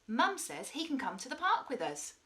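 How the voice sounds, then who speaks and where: Woman reading a keen young shark lad for a storybook, bright, lively, upbeat. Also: sits high, moderate pace, pitched above the performer's own voice, heavily acted. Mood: cheerful. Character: young male great white shark, cheerful and eager.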